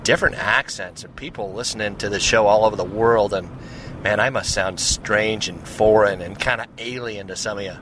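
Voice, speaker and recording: A man's voice: lowish voice, normal speed, slight background noise, low-quality recording. A man from the Seattle area with an American accent, hosting his podcast in a casual, rambling monologue that wanders off on tangents. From Seattle area, USA. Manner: chatty, wanders off on tangents, many fillers. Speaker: podcast host.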